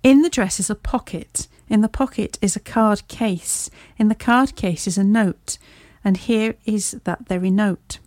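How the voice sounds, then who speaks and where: A woman's voice: medium pitch, measured pace, few pauses, a little mellow, dry recording, natural voice. Woman voicing a stubborn, indignant male inspector in a storybook reading, dry close sound. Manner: gruff, indignant. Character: blunt, proud male police inspector, stubborn.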